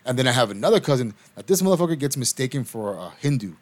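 A man's voice: medium pitch, big pitch swings, quick pace. Laid-back, cursing podcast guy. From Mexican-American family. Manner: profane, laid-back, jokey. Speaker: podcast co-host. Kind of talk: casual podcast banter.

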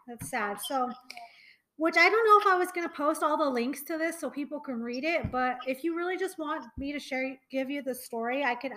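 A chatty young woman with a high voice co-hosts a casual podcast. She circles around her points with plenty of "um" and "like," stopping and restarting her sentences as she goes. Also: sharp tone, low-quality recording. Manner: chatty, many fillers and trailing restarts. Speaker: podcast co-host. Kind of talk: casual chat.

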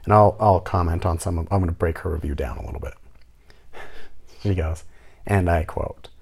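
A man's voice: low voice, moderate pace, gravelly, long pauses, a little mellow, breathy edge. A young man telling a story about a rental applicant, full of sarcastic, mocking asides. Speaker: landlord telling a tenant story. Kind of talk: casual storytelling rant.

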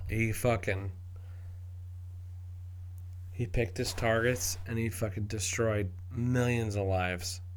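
A man with a gravelly, creaky voice talks at a slow, unhurried pace, sitting a little low in pitch. He rambles in a casual way, restarts his phrases often and swears freely. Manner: rambling, profane, frequent restarts. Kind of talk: casual spoken commentary.

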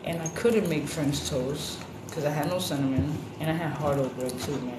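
Animated, foul-mouthed woman chatting. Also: deep voice, normal speed. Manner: animated storyteller, profane, acts out other voices. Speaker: podcast co-host. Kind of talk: casual chat. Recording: roomy with background noise.

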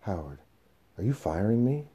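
A man reading the part of an aging, desperate salesman pleading with his boss, in a husky voice. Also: lowish voice, sing-song, moderate pace. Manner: pleading, emotional, rising to shouts.

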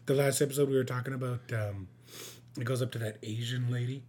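A man's voice: mid-range voice, fast talker. A man co-hosting a podcast, chatting casually and telling stories with lots of laughter. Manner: animated storyteller, laughing, quoting people in funny voices. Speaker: podcast co-host. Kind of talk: casual chat.

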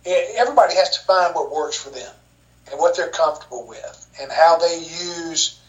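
A man moderates a sales group on a video call, hesitant and full of fillers. His voice is a bit high for a man. His room has a strong echo. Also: normal speed. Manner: hesitant, many fillers and restarts. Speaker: leader of a sales coaching group.

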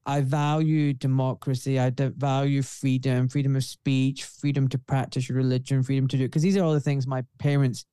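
Mellow, smooth-voiced Scottish man. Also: medium pitch, level tone, a little fast, hardly any pauses, no room sound. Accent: refined Scottish. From Scotland. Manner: earnest, outspoken, frequent "you know". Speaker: guest, surgeon. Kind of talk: casual interview conversation.

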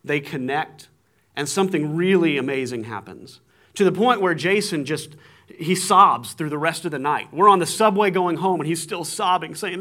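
A man preaching a sermon, telling stories with animated swings in voice. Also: moderate pace. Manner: animated storytelling, acts out shouting with big jumps in pitch. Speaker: pastor.

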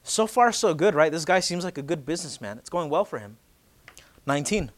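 Late-twenties man preaching a lively sermon. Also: fairly high pitch, a little fast. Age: late 20s. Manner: conversational, joking, shifts into loud urgent emphasis. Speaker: pastor.

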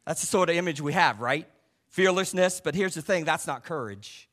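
Male pastor, sermon, fairly high voice, punchy emphasis, frequent rhetorical questions, drops low and soft for asides. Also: animated, normal speed. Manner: swings between loud stresses and quiet low asides.

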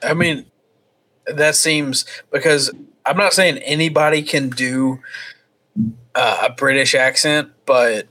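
A man's voice: mid-range voice, fairly even intonation, takes it slowly, long pauses, pushed and bright, rough recording. A man co-hosting a podcast in laid-back, wry banter with some swearing. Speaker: podcast co-host.

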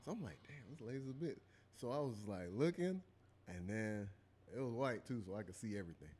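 A man's voice: fairly low pitch, animated, a little fast, a little mellow, breathy edge. A man co-hosting a podcast, telling a laid-back anecdote in casual chat and laughing as he goes. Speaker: podcast co-host. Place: studio.

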